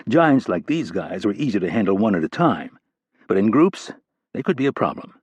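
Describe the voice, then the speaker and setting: A man narrating a thriller audiobook in a steady, even storytelling manner. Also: fairly low pitch, normal speed, breathy edge, no room sound. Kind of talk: scripted narration.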